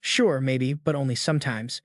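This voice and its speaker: A man voicing a cheerful, cheeky young woman in a storybook recap, reading her lines a little quieter. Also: mid-range voice, moderate pace, no echo, clean studio sound, natural voice. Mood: curious.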